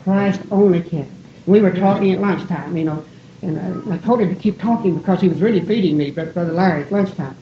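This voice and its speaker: A lower-voiced woman preaches a sermon in a church, in a folksy, wandering way, often breaking off and joking at her own expense. The sound is roomy and echoing. It is also dull and lo-fi, with a faint hiss under it. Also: quick pace. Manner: digressive, folksy, self-deprecating.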